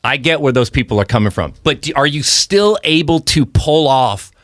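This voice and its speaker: Male podcast host, casual chat, lots of questions, very lively pitch, dry close sound. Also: moderate pace, dry recording. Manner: animated and curious, asks many questions.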